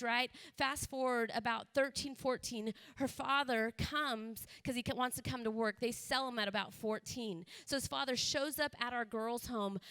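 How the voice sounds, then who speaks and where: A woman missionary telling a story in a sermon, animated, often rising to loud, laughing emphasis. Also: fairly high pitch, dry recording. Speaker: missionary guest speaker. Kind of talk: sermon testimony. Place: church sanctuary.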